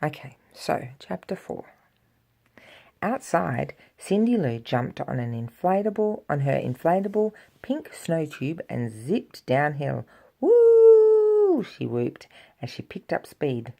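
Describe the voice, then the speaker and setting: A woman reading a children's storybook aloud to a child, with lively, expressive delivery and spoken sound effects. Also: low-pitched, unhurried, creaky.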